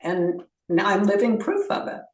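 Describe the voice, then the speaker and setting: A woman's voice: mid-range voice, sing-song, recorded from a distance. A woman being interviewed as a guest. She speaks in an earnest, heartfelt way. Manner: earnest and heartfelt, slow-paced. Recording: echoey room, away from the mic.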